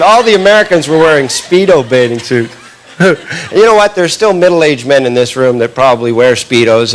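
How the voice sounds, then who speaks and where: A man doing stand-up comedy, telling a long story in a punchy, animated way and often tagging lines with a quick question. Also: a little high. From Canada. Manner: animated, punchy delivery with frequent tag questions. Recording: live recording with audible background noise.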